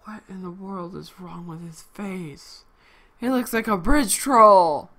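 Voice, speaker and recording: A woman's voice: medium pitch, slow pace, a bit bright, slight background noise. A woman game streamer reading game text aloud and reacting in a casual, giggly, wisecracking way.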